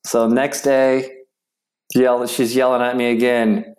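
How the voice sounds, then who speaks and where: A middle-aged man speaks as an interview guest, telling a story in a halting, stop-start way. His voice sits at an ordinary pitch. He restarts his sentences often and fills the gaps with ums. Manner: halting, with many restarts and fillers, animated when quoting. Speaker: interview guest, yoga practitioner.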